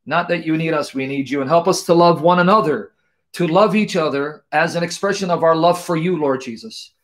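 Fervent man praying aloud, higher voice. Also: brisk. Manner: fervent, repetitive invocations. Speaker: Christian apologist host. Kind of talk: spoken prayer.

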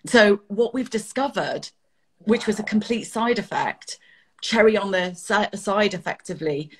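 Middle-aged english woman, husky breathy voice, chatty and animated, laughs a lot while telling her story. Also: medium pitch, measured pace. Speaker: children's author, guest. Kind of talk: casual interview chat.

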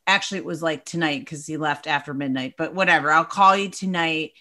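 A woman's voice: low-pitched, a little fast, pushed and bright. A woman talking as a podcast guest in casual chat, loose and chatty with lots of "like" and "you know".

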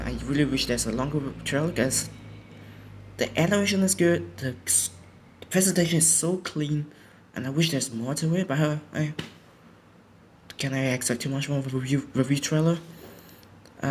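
A man's voice: a little high, slight background noise. A sleepy young man, just out of bed, giving a rambling casual reaction commentary at home, often restarting his sentences. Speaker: YouTuber reacting to a trailer. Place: home, indoors. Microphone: home recording setup.

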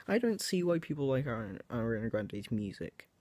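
A man's voice: mid-range voice, very animated, moderate pace, darkish tone, dry recording. A teenage man talking to camera in a rambling, hesitant monologue, correcting himself often and filling gaps with "um" and "like". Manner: rambling, hesitant, self-correcting, with frequent fillers. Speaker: video creator.

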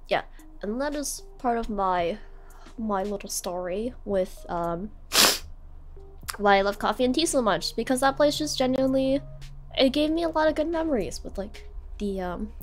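A woman's voice: fairly high pitch, animated, measured pace, long pauses, faint music behind. A young adult woman streamer telling a personal story in a casual, rambling way, full of fillers and sentiment. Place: home streaming setup.

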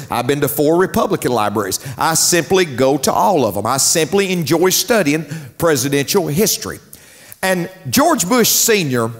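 Male pastor, sermon delivery, lively pitch, reverberant sanctuary. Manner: preaching with rising emphatic swells. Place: church sanctuary.

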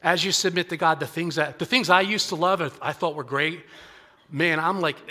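Bright-voiced preacher in a reverberant church. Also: male voice, on the high side, normal speed. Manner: conversational preaching with frequent restarts and acted-out quotes. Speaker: pastor. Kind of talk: sermon. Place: church sanctuary.

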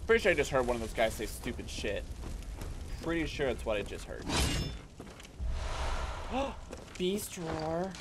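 A man streaming himself playing a video game, reacting out loud as he goes. His voice is animated and swings all over the place, dropping to quiet mutters and then jumping to loud shouts and curses at enemies. A clear layer of noise sits under the recording. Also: medium pitch, a little fast. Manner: excitable, swears and shouts at enemies. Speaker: gaming streamer. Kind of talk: live gameplay commentary.

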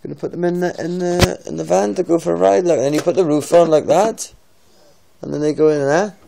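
A father in a casual home video, gently and playfully coaxing his toddler through opening a present. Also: on the high side, steady tone, brisk, creaky, background noise. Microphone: phone.

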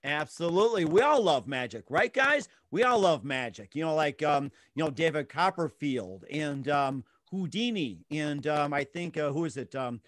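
Male host, mid-pitch, meandering jokey delivery, dry close sound. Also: animated, no echo. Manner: rambling, joking, halting. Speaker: talk show host. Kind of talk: casual talk show chat.

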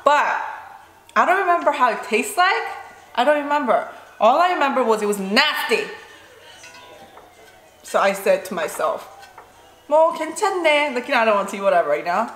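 This Korean-born vlogger in her forties, a native Korean speaker, has a fairly high, expressive, slightly bright voice. She talks fairly quickly but leaves long pauses while casually recounting a story over a mukbang, leaning on "you know" and "like" a lot. Faint background noise fills a roomy space.

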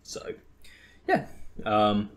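Rambling young man, lively pitch. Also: very slow. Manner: rambling, laughs at own stories. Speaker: podcast host. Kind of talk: casual chat.

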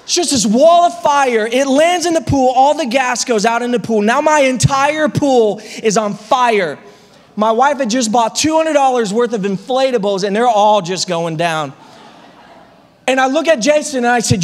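A male pastor with a high voice tells a funny story from the pulpit in an animated way, tripping over repeated words. A long reverb rings through the church sanctuary behind him. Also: moderate pace. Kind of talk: storytelling sermon.

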